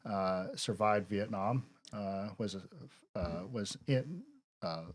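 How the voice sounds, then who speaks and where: A man, a gym owner and trainer, chatting casually on a podcast with an American accent, often pausing on fillers and restarting. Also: lowish voice. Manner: easygoing, many "uh" fillers and restarts.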